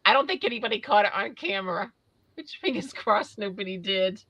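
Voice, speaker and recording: A woman's voice: mid-range voice, a little fast, gravelly, pushed and bright. A woman hosting a casual metal detecting livestream chat, giggly and reading out viewer comments. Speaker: metal detecting channel host.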